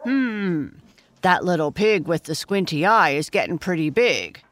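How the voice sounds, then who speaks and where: A good-humored farmer from an old storybook, making easy, chuckling remarks about his animals, read by a woman. The voice stays low and mellow. He speaks slowly and without any hurry. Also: sing-song, dry recording. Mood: amused.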